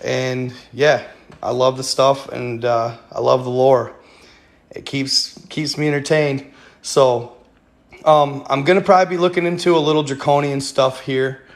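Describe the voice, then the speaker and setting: Guy rambling on his livestream, lots of ums, kinda gravelly, talks to you guys. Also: medium pitch, steady tone, measured pace. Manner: rambling, many fillers, addresses viewers as you guys. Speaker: livestream host. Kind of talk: casual livestream chat.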